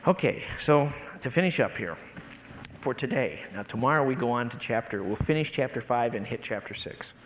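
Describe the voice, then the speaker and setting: A man preaching a sermon, building to impassioned peaks and then dropping low and soft. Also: lively intonation, moderate pace, slight background noise, poor audio. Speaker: pastor.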